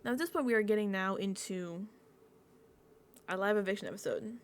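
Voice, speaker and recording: A woman doing casual recap commentary on her vlog, animated and profane and laughing often. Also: medium pitch, fairly quick. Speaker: reality TV recap vlogger.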